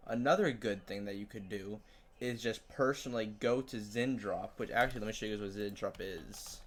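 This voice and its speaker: A man hosting a casual interview and walking viewers through his online store, talking loosely and swearing lightly. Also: fairly low pitch. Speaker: host. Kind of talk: casual interview and screen walkthrough.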